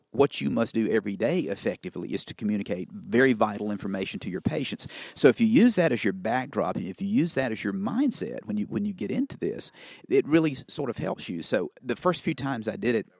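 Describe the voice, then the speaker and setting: A middle-aged Southern man, a family doctor from Mississippi, answers interview questions with easygoing anecdotes and folksy asides. His voice sits fairly low, and it is recorded close and dry with no room sound. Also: gravelly, darkish tone, no room sound. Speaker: family physician and broadcaster.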